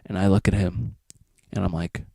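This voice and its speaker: Teen vlogger, low mellow voice, rambling profane storyteller, dry close sound. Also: male voice, fairly even intonation, normal speed, creaky, breathy edge, no echo. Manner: rambling, profane, acts out friends' lines. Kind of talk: casual storytelling.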